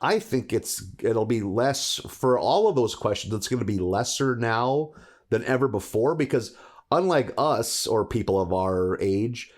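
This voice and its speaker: A man co-hosting a podcast in relaxed chat, laid-back and teasing, often laughing. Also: medium pitch, measured pace. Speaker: podcast co-host. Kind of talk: casual chat.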